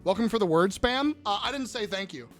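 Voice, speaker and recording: A man's voice: sits high, expressive, brisk, faint music behind. A young man live-streaming in casual chat, crudely joking and riffing on messages from his viewers.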